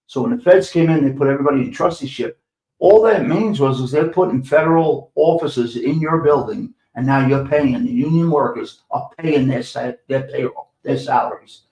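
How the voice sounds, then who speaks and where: Recorded in an echoey room, this podcast host, an older man from New York City with the accent to match, tells street stories in a profane, blunt, sarcastic monologue. His voice is mid-range with a darkish tone.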